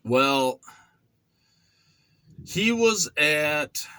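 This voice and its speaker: A man's voice: a little high, very slow, smooth. Man in his forties telling a story. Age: 40s. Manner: animated, acts out quotes and sound effects. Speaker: vlogger. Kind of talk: casual storytelling.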